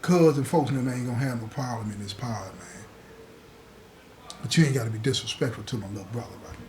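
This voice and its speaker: A man doing a low, calm gang elder. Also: fast talker, a little hiss or hum, close to an everyday voice. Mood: cautioning. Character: older male gang leader, calm and firm.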